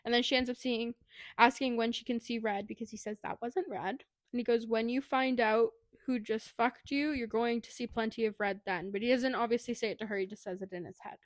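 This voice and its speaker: A woman's voice: on the high side, no echo, clean studio sound. A young woman co-hosting a podcast, casually retelling a book's plot with lots of fillers. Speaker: podcast co-host. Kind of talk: casual book review chat.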